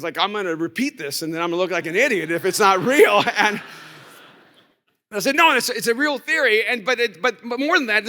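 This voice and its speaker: A male pastor delivering a conference sermon, telling a story and swinging from quiet to shouting. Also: sits high. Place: large conference hall. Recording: reverberant large hall.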